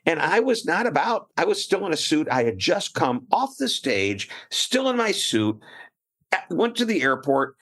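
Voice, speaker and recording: A man's voice: on the high side, big pitch swings, moderate pace, fairly bright tone. A middle-aged man telling anecdotes in a casual chat, his voice rising and falling a lot. He laughs often as he talks. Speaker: guest speaker.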